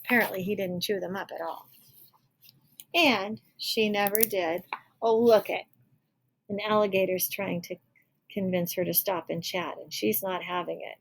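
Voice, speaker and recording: Animated woman reading to children. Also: medium pitch, moderate pace, gravelly, a little hiss or hum. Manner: animated, explains words for kids. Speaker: children's storyteller. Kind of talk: reading a picture book aloud to children.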